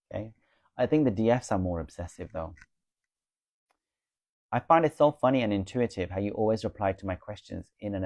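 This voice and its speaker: A man hosts a casual spiritual live stream, picking up viewers' comments and answering each one in a confident, coaching tone. His voice sits somewhat low and sounds dry and close, as if recorded at home with no room sound. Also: warm tone, no room sound. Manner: chatty, reads viewer comments aloud and answers them.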